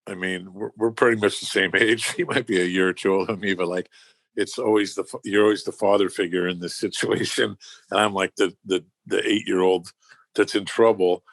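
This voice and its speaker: A low-pitched man spins loose, rambling road stories, cursing freely and chuckling between lines. The sound is dry and close, with no room around him. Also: fairly even intonation, a little fast, gravelly, a bit bright, no echo. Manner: profane, rambling, laughing anecdotes. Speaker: touring band member guest. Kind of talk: casual podcast storytelling.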